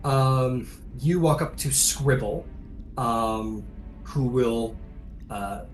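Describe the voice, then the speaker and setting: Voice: medium pitch, very slow, faint music behind. A game master narrating a tabletop game in a loose style full of fillers.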